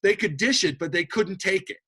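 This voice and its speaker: Lively, bright-voiced male history teacher. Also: sits high, a little fast, slightly rough. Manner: animated, joking, with many restarts. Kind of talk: classroom lecture.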